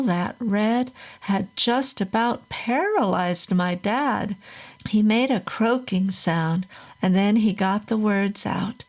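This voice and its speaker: A woman reads a horror story aloud at an unhurried pace. Her delivery is measured and steady, with a middle pitch. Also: poor audio. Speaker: narrator. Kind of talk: scripted story narration.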